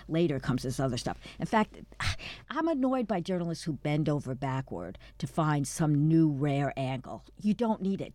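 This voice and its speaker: A man's voice: on the high side, a little mellow, dry recording. A man giving firm, emphatic opinions on a radio media panel. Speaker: panelist on a media discussion show.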